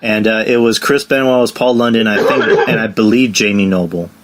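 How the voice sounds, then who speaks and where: A man's voice: on the low side, fairly even intonation, fairly quick, slight background noise. A man hosting a casual podcast, telling stories and acting out the voices of the people in them. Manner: storytelling, acts out quoted lines. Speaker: podcast host.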